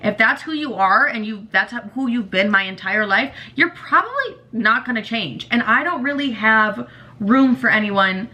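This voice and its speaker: A young adult woman hosts a podcast, speaking bluntly and emotionally about her family and swearing freely in a candid personal monologue. Her voice is a little high, bright and forceful, animated, at a moderate pace.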